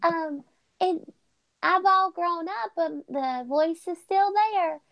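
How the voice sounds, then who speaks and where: A woman imitating her grown cousin, who has a squeaky, high, sing-song voice. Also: slow, a bit bright, exaggerated voice. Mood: insistent.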